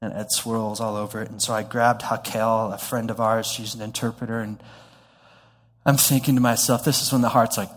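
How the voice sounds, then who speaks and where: A man telling a story in a sermon, animated and self-deprecating, with frequent restarts. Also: medium pitch, a little fast. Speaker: pastor. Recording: long hall reverb.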